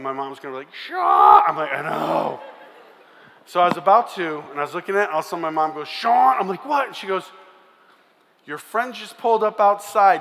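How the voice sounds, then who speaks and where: Man, comic storytelling, animated, bright tone, long hall reverb. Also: on the high side. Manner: animated, acts out voices and sound effects. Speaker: youth conference speaker. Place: large conference hall. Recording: live hall with long reverb, faint room noise.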